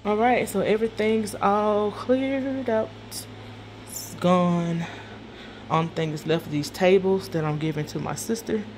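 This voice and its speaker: A woman's voice: medium pitch, measured pace, a little mellow, a little hiss or hum. A woman filming a casual home vlog with a stuffy nose, talking straight to her viewers and calling them y'all while she shows her living room. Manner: chatty, addresses viewers as y'all, repeats herself. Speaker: vlogger.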